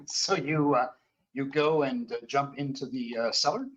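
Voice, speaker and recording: A man narrating as game master of a tabletop horror game, halting with frequent fillers. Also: medium pitch, husky, highs cut off.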